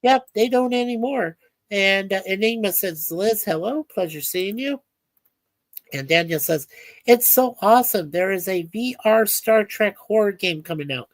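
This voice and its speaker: A woman's voice: medium pitch, animated, measured pace, no echo. A woman co-hosting a livestream, chatting casually and reading viewer comments aloud with frequent filler words. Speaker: livestream co-host.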